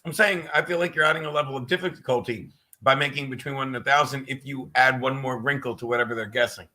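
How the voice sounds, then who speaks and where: A man's voice: mid-range voice, fairly even intonation, fast talker, pushed and bright, dry recording. A man in crude, rambling, self-mocking banter on a live stream, swearing freely.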